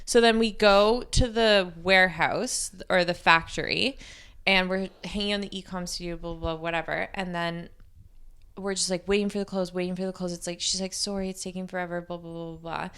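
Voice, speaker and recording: A woman's voice: fairly low pitch, fairly even intonation, moderate pace, a bit bright, clean tone. A woman in her thirties telling a story as a podcast guest, chatty and laughing often, full of "like" and "whatever". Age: 30s. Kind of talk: casual storytelling chat.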